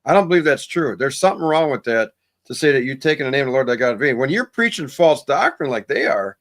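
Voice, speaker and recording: A man with an ordinary middle-pitched voice rambles through a story in casual chat. He circles back and repeats himself as he goes. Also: very animated, fast talker, fairly bright tone.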